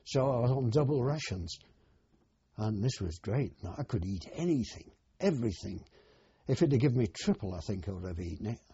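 An older man, a war veteran, telling his memories in a plain, unhurried oral history interview. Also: medium pitch, animated, gravelly, warm tone, slightly rough. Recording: dull, dry archive interview recording.

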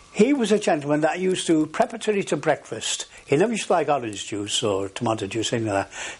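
Older man, oral history interview, rambling storyteller, lots of pauses and fillers, talks of his days at sea. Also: medium pitch, breathy edge.

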